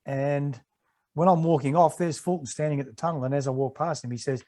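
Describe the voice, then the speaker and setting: Australian man, 60s, fairly high voice, lively storyteller, former referee. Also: fairly quick. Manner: animated anecdotes, acting out quoted exchanges. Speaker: retired rugby league referee, podcast guest. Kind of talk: casual storytelling interview.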